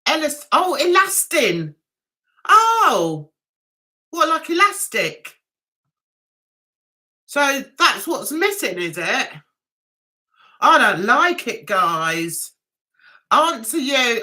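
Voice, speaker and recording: A woman's voice: high-pitched, sing-song, very slow, pauses often, sharp tone. A middle-aged woman hosting a casual livestream, reading out comments, chatting to viewers and laughing often. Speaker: livestream host.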